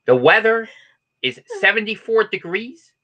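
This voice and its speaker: A man putting on the voice of an overexcited male local TV newscaster, delivering mock-serious news in a booming manner. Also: expressive, unhurried, lo-fi sound.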